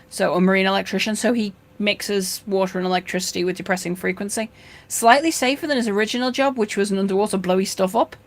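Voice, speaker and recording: A woman hosting a fishkeeping channel, talking in a casual, rambling way with dry jokes and anecdotes. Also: medium pitch. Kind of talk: casual chat.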